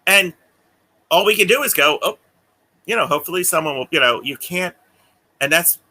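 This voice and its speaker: A man co-hosts a podcast in casual chat, his fairly high voice bright and forceful with lively intonation at normal speed. He rambles and laughs often, acting out the voices of the people he quotes.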